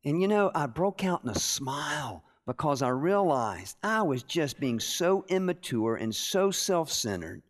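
A middle-aged man preaching a sermon to students, animated, with lots of repeated words and acted-out quotes. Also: a little high, a little slow, few pauses. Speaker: preacher at a school chapel. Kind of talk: sermon with demonstration and anecdotes.

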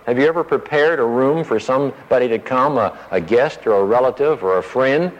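A man's voice: mid-range voice, a little fast. A man teaching a passage verse by verse. He explains single words and acts out the quoted lines. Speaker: preacher. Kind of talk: expository Bible teaching. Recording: dull sound in a hall with reverb.

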